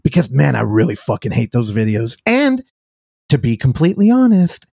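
A man's voice: mid-range voice, wildly swooping pitch, moderate pace, creaky, dark tone, no echo, studio quality. A man hosting a casual film podcast, chatting loosely, laughing often and interrupting himself. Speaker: podcast host. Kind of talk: casual podcast chat about films.

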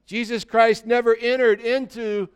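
A man's voice: very high voice, flat delivery, a little slow, clear, resonant tone. A male pastor delivering an earnest sermon, exhorting his congregation directly.

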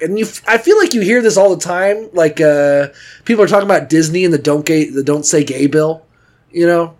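A man's voice: on the high side, animated, fairly quick. A man co-hosting a podcast in casual, rambling banter, often trailing off mid-thought and swearing freely. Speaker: podcast co-host.

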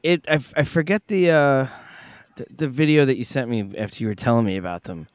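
A man co-hosting a casual podcast, animated, laughing often and swearing. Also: mid-range voice, fairly quick, no echo, clean studio sound. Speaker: podcast co-host. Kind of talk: casual chat.

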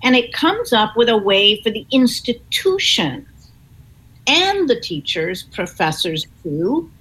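A woman author answering interview questions in a measured, explanatory way. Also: on the high side, very animated, a bit bright, husky, poor audio. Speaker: author and guest.

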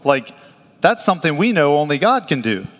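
A preacher voicing a scandalized religious scholar. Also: male voice, fairly high pitch, sing-song, moderate pace, fairly bright tone, long reverb tail. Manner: raised, incredulous exclamations.

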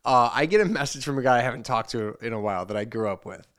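A man with a smooth, resonant voice hosts a casual podcast chat. He tells a long, rambling anecdote and slips into little voices to quote the messages in it. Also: mid-range voice, fast talker, a bit bright. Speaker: podcast host.

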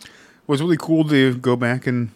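A man's voice: mid-range voice, fairly even intonation, moderate pace, a little mellow, no echo. A man co-hosting a podcast, chatting casually about a film, rambling with lots of fillers and restarts and casual swearing. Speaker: podcast co-host. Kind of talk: casual chat.

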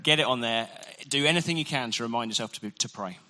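A man interviewing a guest on stage, moving things along with brisk, prompting questions. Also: mid-range voice, pushed and bright.

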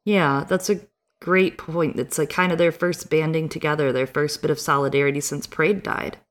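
Low-voiced young woman recapping, playful. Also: steady tone, moderate pace. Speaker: podcast co-host, recaps the chapter. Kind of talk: casual book discussion.

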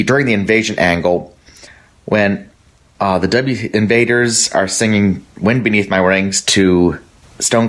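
A man's voice: lowish voice, fairly bright tone. A man sending a recorded voice message to a podcast, rambling through a memory and laughing at it. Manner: rambling storytelling, laughs at his own tale.

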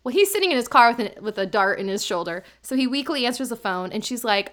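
Animated woman gushing through a recap. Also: fairly high pitch, fast talker, few pauses. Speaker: podcast co-host. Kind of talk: casual chat recapping a drama.

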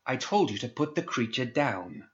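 A man's voice: mid-range voice, sing-song, normal speed, dull audio, natural voice. A man voicing a stern, impatient older girl who gives curt, scolding commands. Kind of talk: audiobook character voice.

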